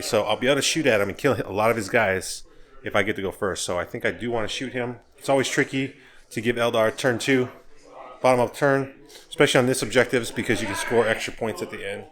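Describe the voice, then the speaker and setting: A man talks through his tabletop army in a relaxed, upbeat way. He moves through the list quickly and chats about his plans as the host of the report. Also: mid-range voice. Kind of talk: casual battle report talk.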